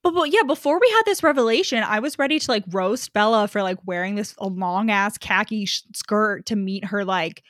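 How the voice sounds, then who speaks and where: A woman's voice: mid-range voice, moderate pace, few pauses, a bit bright, no echo, clean studio sound. A woman co-hosting a podcast book recap, chatting casually, swearing freely and saying "like" a lot. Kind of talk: casual chat.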